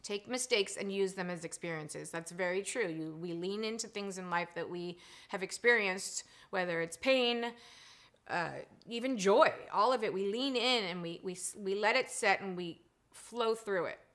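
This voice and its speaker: A woman in her forties hosts a casual live stream, chatting and reading viewer comments aloud as she swings between animated and hushed talk. Her voice is medium in pitch and her pace moderate.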